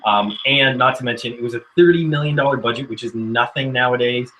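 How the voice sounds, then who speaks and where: Man from Canada, casual film chat, crisp bright tone, easygoing and quick to laugh. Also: mid-range voice, a little hiss or hum, low-quality recording. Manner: chatty, laughs often. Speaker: film critic panelist.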